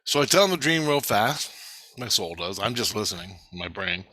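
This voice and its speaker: Man, rambling dream storyteller, sharp bright tone, swears a lot, circles back on himself, dry close sound. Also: on the low side, moderate pace, no echo. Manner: excitable, profane, repetitive storytelling. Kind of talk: rambling first-person dream account.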